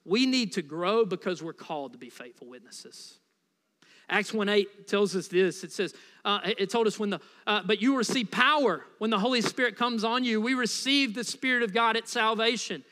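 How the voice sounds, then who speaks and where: A man from the United States preaches a sermon in a high, bright voice. He talks to the congregation casually and playfully, with plenty of asides. The recording carries the long reverb of a church hall. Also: moderate pace. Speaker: pastor.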